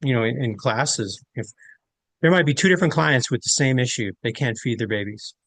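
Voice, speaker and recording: A man's voice: medium pitch, expressive, brisk, fairly bright tone, no echo. Male host, teacherly and explanatory; dry, close recording. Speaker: podcast host. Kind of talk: casual conversation.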